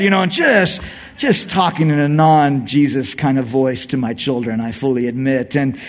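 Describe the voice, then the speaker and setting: A middle-aged man preaching a sermon in church, swinging from quiet asides to shouted emphasis. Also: mid-range voice, normal speed. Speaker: pastor.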